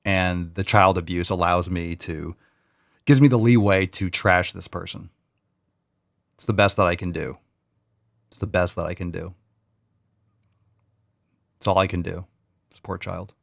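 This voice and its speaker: Male reaction host, lowish voice, dry close sound, mocking and disbelieving. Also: steady tone, a little slow, creaky, long pauses, no echo. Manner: mocking, incredulous, repeats clips. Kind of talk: reaction commentary.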